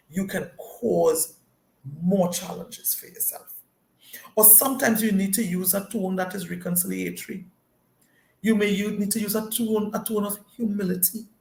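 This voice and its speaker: A woman's voice: fairly low pitch, creaky, darkish tone, echoey room. Emphatic woman coaching leaders. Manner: emphatic, often checks in with "all right?". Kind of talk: recorded leadership lesson.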